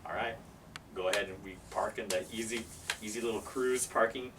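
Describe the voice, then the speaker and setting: A man telling a story casually, animated and acting out the people in it. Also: on the low side, fairly quick. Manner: animated, acts out every character. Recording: distant mic, faint background noise.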